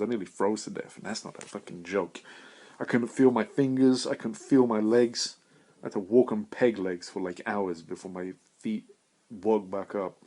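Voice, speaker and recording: A man's voice: deep voice, a little mellow. A young man in his twenties hosting a podcast, talking in a rambling, profane, self-mocking solo monologue. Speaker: podcast host.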